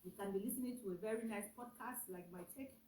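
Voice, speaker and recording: A woman's voice: mid-range voice, fast, dark tone, slight background noise. A woman giving a casual how-to demonstration at home, repeating her steps while squatting by a wall and sipping a drink. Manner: repetitive, instructive, talks while squatting and drinking. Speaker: wellness vlogger. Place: room at home, crouched by a wall. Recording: echoey room, voice from off-mic.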